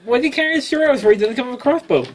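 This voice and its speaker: A man's voice: very high voice, expressive, racing. A man co-hosting a toy review, adding dry, nitpicking remarks about the packaging. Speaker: co-host. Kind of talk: casual unboxing chat. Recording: loud background noise.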